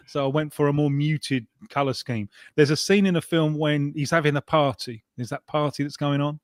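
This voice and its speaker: A man chatting on a podcast with wry, deadpan humour. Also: on the high side, normal speed, few pauses, no echo, clean studio sound. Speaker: podcast regular. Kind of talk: casual chat.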